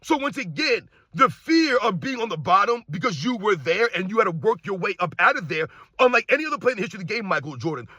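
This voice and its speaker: A man's voice: high voice, no echo, clean studio sound. A man giving ranting sports commentary, hammering his point with repeated rhetorical questions and calling out to viewers as guys. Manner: emphatic, repetitive rhetorical questions; addresses viewers as guys, occasional shouting.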